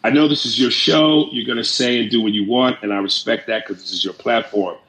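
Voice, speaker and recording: Man, podcast host, casual crude chat, swearing, reading messages, middle pitch, roomy echo. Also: brisk, fairly bright tone. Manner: crude, joking, swears freely.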